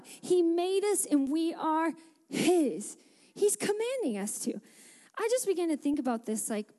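High-voiced woman preaching passionately. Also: a little mellow, long reverb tail. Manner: passionate preaching with call-and-response. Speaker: pastor. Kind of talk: sermon. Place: church sanctuary.

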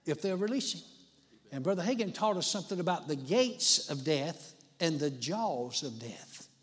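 A man's voice: on the high side, animated, moderate pace, fairly bright tone. A man preaching a sermon as he tells a story, in a folksy way with dramatic rises and many asides of "you know". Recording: long hall reverb.

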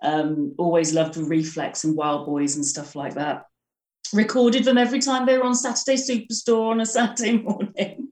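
A woman guest on a radio music show, talking quickly and eagerly about her favourite songs. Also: mid-range voice, level tone, a little mellow, recorded from a distance. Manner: quick, enthusiastic music talk. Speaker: guest presenter. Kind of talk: casual chat. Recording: roomy sound from off-mic.

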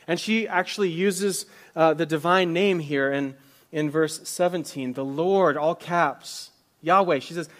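A man's voice: fairly high pitch, a little slow. Impassioned male pastor preaching. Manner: dramatic, voices biblical characters' words with rising intensity; drops to a soft whisper at tender moments. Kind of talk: sermon. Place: church.

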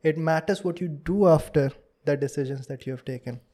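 A man's voice: a little high, brisk. Laughing young Indian man podcasting. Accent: Indian English. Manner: laughs often, rambling and animated. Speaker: podcast host. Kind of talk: casual podcast chat.

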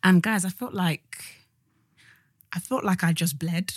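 A woman, talking casually on a podcast. Her voice sits a little low, and the recording is close and dry. She chats in slang, trails off and restarts. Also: measured pace, breathy edge, no room sound. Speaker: podcast co-host. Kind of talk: casual chat.

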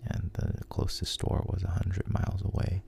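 A man with a very deep, gravelly voice tells a story in a hushed whisper. His tone is dark and mellow, and he talks in an unhurried way with pauses and restarts. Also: monotone, slight background noise. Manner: soft, unhurried, with frequent ums and restarts.

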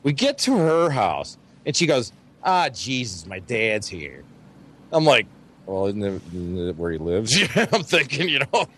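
With a medium-pitched, slightly rough voice at a moderate pace, a man on a casual podcast recounts a dating story to his friends, swearing, animated and laughing all the way. He's one of the co-hosts.

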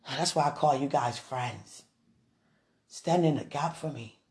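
Effusive, prayerful woman with a lowish voice. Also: unhurried, darkish tone. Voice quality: effusive, breaks into prayer and laughter, repeats "Oh, God". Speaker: Christian ministry vlogger. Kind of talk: emotional, prayerful chat to viewers.

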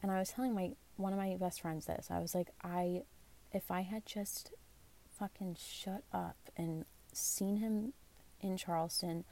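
A woman's voice: on the low side, gravelly, warm tone. A woman in her twenties telling a personal story in a candid, rambling way, full of fillers and self-deprecating asides, recorded on basic equipment at home. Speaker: vlogger. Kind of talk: casual confessional storytelling. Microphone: phone or basic mic.

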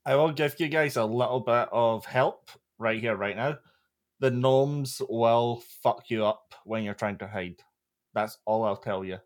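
A man's voice: mid-range voice, unhurried. A man co-hosting a podcast, mischievous and fond of crude jokes. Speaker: podcast co-host. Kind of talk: casual podcast banter.

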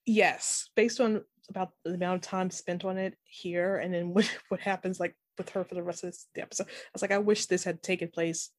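A woman's voice: lowish voice, brisk, hardly any pauses. A woman co-hosting a podcast, chatting casually and retelling a show's plot with lots of laughter. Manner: giggly, animated storytelling. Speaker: podcast co-host. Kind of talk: casual recap chat.

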